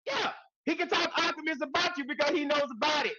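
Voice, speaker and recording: A man co-hosting a podcast in casual chat, talking loud and hyped, with slangy, profane banter and shouted intros. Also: very high-pitched, quick pace, dull audio, slight background noise. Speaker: podcast co-host.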